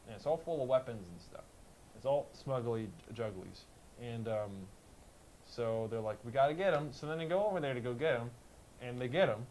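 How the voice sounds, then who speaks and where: A man co-hosting a casual podcast, retelling a show in a rambling, animated way and slipping into quick voices. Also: mid-range voice, poor audio. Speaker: podcast co-host. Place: house with a kitchen fan running. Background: faint fan hum.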